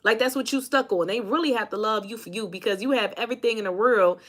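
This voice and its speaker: A fairly high-voiced woman from Indiana talks to her viewers in a casual, motivational vlog. She is emphatic, leans on repeated phrases and says y'all, speaking as a life coach. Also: fast, a bit bright. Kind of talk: casual motivational talk to camera.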